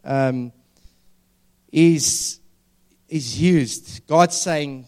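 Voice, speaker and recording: A man preaching a sermon. His voice sits a little high for a man. He stays earnest and slows right down to stretch the words he wants to land. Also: steady tone, dark tone. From South Africa. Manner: earnest, stretches key words slowly for emphasis.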